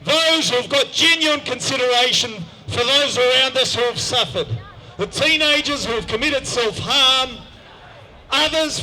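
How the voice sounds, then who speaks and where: A man's voice: very high voice, pushed and bright, rough recording. A man giving an emphatic public speech at an outdoor park gathering, asking rhetorical questions. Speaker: rally speaker.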